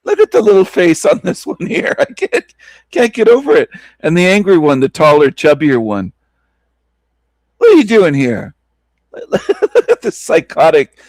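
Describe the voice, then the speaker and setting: This stream host's mid-range voice carries no room sound as he casually reacts to a video clip, laughing a lot and offering mocking, incredulous remarks.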